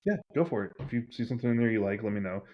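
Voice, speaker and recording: Low-voiced rambling male game master. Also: lively intonation, very fast, muffled recording, slight background noise. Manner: rambling, heavy on "like" fillers. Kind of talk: narrating a tabletop game.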